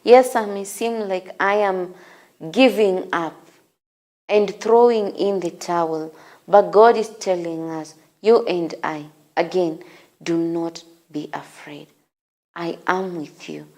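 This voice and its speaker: Woman preaching a morning devotional, lowish voice, slow and repeating herself to encourage. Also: darkish tone. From Kenya. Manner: slow, repetitive, encouraging exhortation. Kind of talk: sermon.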